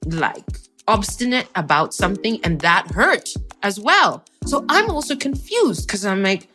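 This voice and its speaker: Woman, personal storytelling, podcast, conversational, self-mocking, lively pitch swings. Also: measured pace, soft background music.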